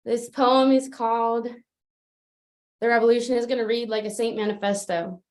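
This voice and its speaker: A woman reciting a spoken word poem in a flat, level voice that barely rises or falls. She joins the open mic remotely over a video call and keeps her delivery steady from line to line. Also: fairly high pitch, normal speed. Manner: steady, even recitation with little rise and fall. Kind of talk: spoken word poetry performance. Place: remote, joining from afar.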